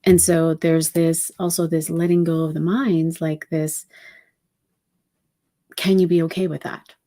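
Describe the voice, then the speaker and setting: A woman giving a spiritual channeling talk as a numerology reader, speaking in a meandering, reflective and unhurried way with many soft fillers. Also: low-pitched, flat delivery.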